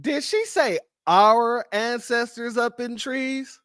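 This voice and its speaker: A man's voice: very high-pitched, slow pace, fairly bright tone, clean tone, dry recording, clean studio sound. A man hosting a reaction commentary show, mocking and incredulous as he talks back at clips. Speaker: commentary host.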